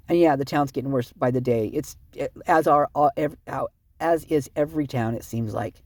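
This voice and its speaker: Husky rambling vlogger, upset and sleepless. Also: mid-range voice, a little mellow, no room sound. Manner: fast, rambling, self-interrupting. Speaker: vlogger reading police reports. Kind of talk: rambling commentary vlog.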